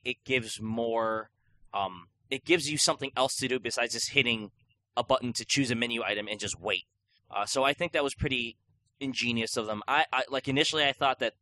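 A young man riffs on a podcast in loose, rambling chat, tripping over his words and stacking fillers. His voice is bright and forward. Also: mid-range voice. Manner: rambling, rapid, full of fillers and restarts. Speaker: podcast co-host. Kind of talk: casual chat.

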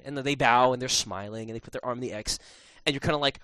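A man hosting a podcast, telling an animated story in casual chat, with many restarts and fillers. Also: mid-range voice, fast, few pauses, no room sound. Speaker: podcast host.

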